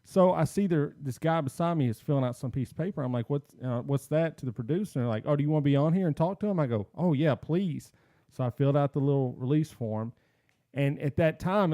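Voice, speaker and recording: A man with a dark, mellow voice tells a story on a podcast in a casual way. He acts out each line people said to him. His voice is recorded dry and close. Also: medium pitch, no echo. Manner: animated storyteller acting out quotes. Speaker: podcast host.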